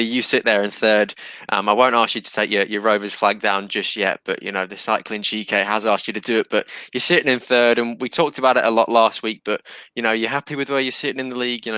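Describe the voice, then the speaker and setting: Low, flat-voiced man hosting a chat. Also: clear, resonant tone, no room sound. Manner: bantering, teasing. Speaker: podcast host. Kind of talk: casual panel chat.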